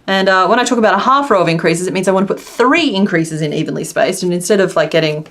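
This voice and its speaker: A woman's voice: mid-range voice, fast talker. Woman streamer, casual crafting chat, laughs a lot, mumbles stitch counts. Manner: chatty and apologetic, laughs often, counts stitches under her breath. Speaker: crochet livestream host. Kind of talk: casual live-stream chat while crocheting.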